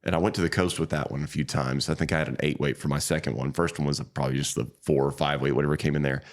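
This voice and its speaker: A man's voice: steady tone, very fast. A man, a fly shop owner telling stories as a podcast guest in a rambling, easygoing way. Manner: rambling, many restarts, quotes people with pitch jumps. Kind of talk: casual interview storytelling.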